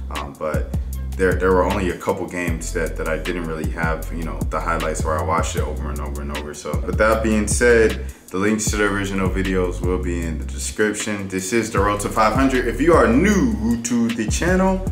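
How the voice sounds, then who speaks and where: Male channel host, lowish voice, very animated highlight reaction caller, roomy echo in the room. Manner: excitable, hype play-by-play calls with frequent laughter. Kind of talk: basketball highlight reaction commentary.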